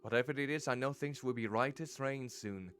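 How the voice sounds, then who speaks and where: A man voicing a tender Irish mother, with a put-on Irish accent, slowly reading her letter to her estranged child in a game. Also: medium pitch, fairly bright tone, slight background noise, lightly acted.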